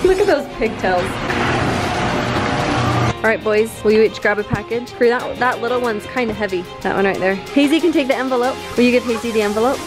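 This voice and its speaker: A woman's voice: fairly high pitch, fairly quick, music in the background. A woman, a mother, chatting casually to camera in a family vlog, gushing to viewers and talking sing-song to her little kids.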